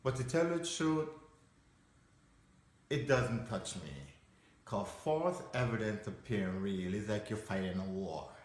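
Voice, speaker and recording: A man's voice: lowish voice, measured pace, long pauses. A man giving a reflective motivational talk, acting out quotes with sudden jumps in his voice. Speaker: motivational speaker. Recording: echoey room.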